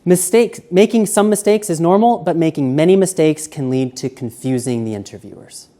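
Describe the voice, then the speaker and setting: A man giving a live seminar lecture, walking around and shifting between quiet, slow speech and loud emphasis. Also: fairly high pitch, expressive. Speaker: seminar presenter. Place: university seminar room.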